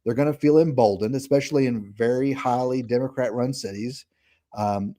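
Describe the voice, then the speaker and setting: A man's voice: mid-range voice, warm tone. Southern-drawling man giving earnest advice. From Kentucky. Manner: folksy, earnest, frequent restarts and tag questions. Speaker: podcast co-host. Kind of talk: casual political chat.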